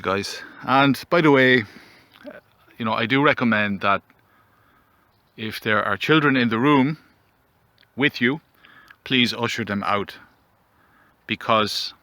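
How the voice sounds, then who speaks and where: A man delivering a mock-dramatic comedic monologue outdoors, mock-solemn and rambling, with theatrical pauses. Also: medium pitch, pushed and bright, no echo. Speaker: commentary vlogger.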